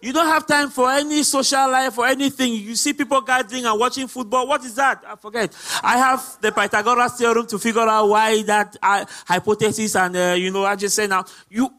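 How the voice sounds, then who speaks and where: High-voiced man preaching a sermon. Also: fairly even intonation, a little fast, hardly any pauses. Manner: repetitive, emphatic preaching that rises to shouts. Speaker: deacon.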